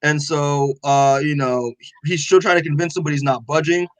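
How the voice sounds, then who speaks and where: A man's voice: a little high, fairly even intonation, moderate pace, dry recording, rough recording. A man co-hosting a podcast, casually recapping a comic with lots of "like" and acted-out dialogue. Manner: rambling, full of "like" and quoted dialogue. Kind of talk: casual chat.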